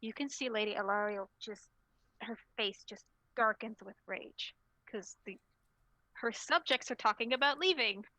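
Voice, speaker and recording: A woman narrating a tabletop game as storyteller, relaxed and rambling, with lots of filler sounds. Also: on the high side, measured pace, no echo, low-quality recording.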